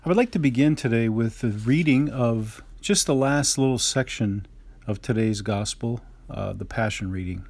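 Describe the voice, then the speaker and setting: A man who is a Catholic priest, giving a homily after reading a gospel passage aloud, measured and plain, with fillers and restarts. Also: medium pitch, creaky, darkish tone, no room sound.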